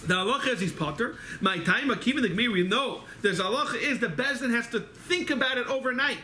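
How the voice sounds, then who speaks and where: A man teaching a Talmud study class, moving quickly through the text and answering his own questions as he goes. He speaks in a synagogue study hall. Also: very high-pitched, expressive, pushed and bright, a little hiss or hum. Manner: rapid, quizzing himself with questions. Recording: echoey hall recording.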